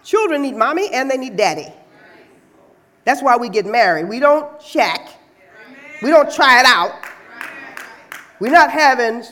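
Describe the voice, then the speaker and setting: A woman preacher giving a lively, playful sermon in a church, teasing her listeners as she makes her points. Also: high voice. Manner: playful, teasing, animated delivery.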